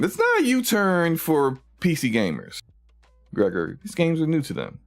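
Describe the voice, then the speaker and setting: A man hosting a casual gaming livestream, ranting in an animated, mocking way and reading out chat comments. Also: on the high side, normal speed, soft background music. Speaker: livestream host.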